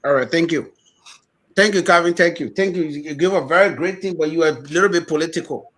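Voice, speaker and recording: A man's voice: a little high, a little fast, a bit bright. A man with a Liberian English accent hosting a live call-in talk show in a loose, rambling, teasing way. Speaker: host.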